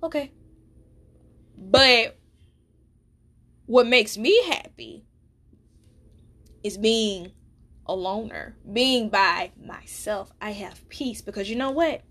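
A woman's voice: fairly high pitch, lively intonation, takes it slowly, pauses often, fairly bright tone. A woman hosting a solo podcast, talking candidly and emphatically, swearing freely. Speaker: podcast host. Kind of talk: casual solo podcast monologue.

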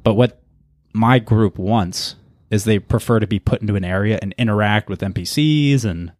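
Laid-back podcast host man, lowish voice. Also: moderate pace, darkish tone, no room sound, studio quality. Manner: laid-back, swears casually. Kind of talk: casual chat.

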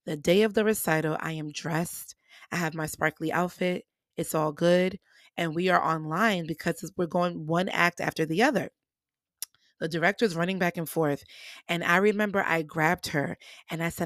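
Young woman podcaster, storytelling monologue, animated, dry close sound. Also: on the low side, normal speed, no room sound. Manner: animated, acts out quoted voices, addresses listeners as y'all. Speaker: podcast host.

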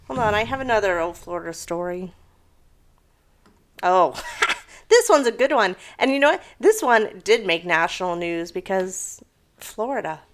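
A woman's voice: mid-range voice, expressive, a little slow, slight background noise. A young woman co-hosting a casual podcast, telling stories animatedly and swearing freely. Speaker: podcast co-host. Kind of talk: casual chat, reading odd news stories.

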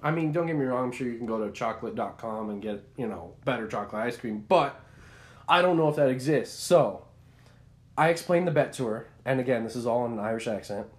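A young man co-hosting a podcast, telling a story in an animated, rambling way with many restarts. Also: medium pitch, brisk. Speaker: podcast co-host. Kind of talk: casual chat.

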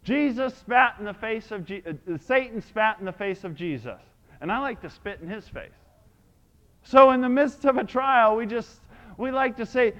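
Animated high-pitched male preacher. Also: moderate pace, dull audio. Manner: animated, swings from soft to shouting. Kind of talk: sermon.

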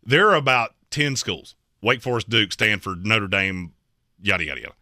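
A man co-hosting a sports talk show, debating coaches in an emphatic, opinionated way with quick jokes. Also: on the low side, animated, bright, forceful tone, dry recording, clean studio sound. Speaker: sports podcast co-host.

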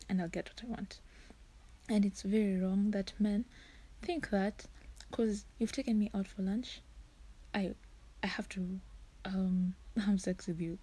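A young woman speaks as a podcast guest, frank and earnest, breaking into short laughs now and then. Her voice is mellow and dark, with a breathy, husky edge, and sits at a middle pitch. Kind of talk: casual podcast talk.

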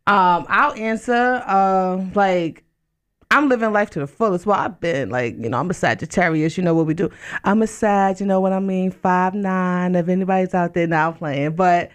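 A woman hosting a casual live radio chat show from a studio, talking loudly and hyping the listeners with repeated greetings and shout-outs. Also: lowish voice, moderate pace, clear, resonant tone. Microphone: studio mic with headphones.

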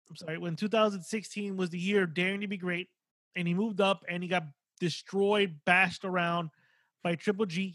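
A man with a high voice, talking through a boxer's record in a loose, rambling way and swearing now and then. He corrects himself as he goes. The recording is dry and close. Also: fairly bright tone, no echo. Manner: analytical, rambling, casual swearing. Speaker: boxing podcast co-host. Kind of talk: casual chat.

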